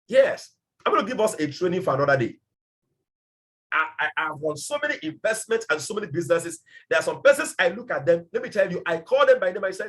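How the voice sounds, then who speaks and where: Male business mentor from Nigeria, high-pitched, emphatic and repetitive, motivational training delivery. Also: very animated, quick pace, a bit bright. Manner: passionate, emphatic, repeats phrases.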